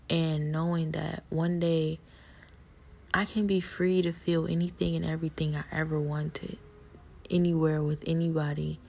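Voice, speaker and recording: A woman speaks in a low, flat, husky voice with a gravelly edge, often slipping into a half-whisper. She talks softly and haltingly, giving a personal testimony of faith.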